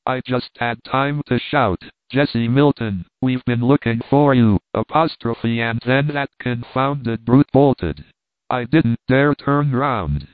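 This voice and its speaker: A man reading as a breezy, unflappable gentleman. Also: mid-range voice, takes it slowly, no room sound, lightly acted. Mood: brisk. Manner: breezy, offhand clipped phrases. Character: brash unflappable gentleman after a fall. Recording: tinny phone-like dry sound.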